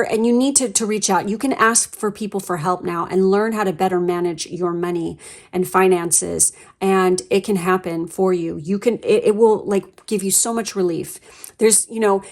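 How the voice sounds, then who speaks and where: A woman at a middle pitch talks through a pick-a-card tarot reading. Her delivery is blunt and emphatic, full of swearing and fillers. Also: moderate pace. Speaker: tarot reader.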